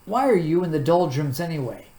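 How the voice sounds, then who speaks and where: A woman voicing a gruff, impatient watchdog with a clock for a body, growling and scolding in a storybook reading. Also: sits low, lively intonation, fairly quick, dark tone. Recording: echoey room, faint background hum.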